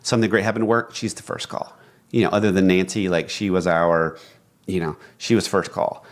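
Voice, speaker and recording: A man's voice: low voice, fairly quick. A man co-hosting a podcast, speaking in casual conversation as a reflective storyteller who acts out quoted lines. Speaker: podcast co-host.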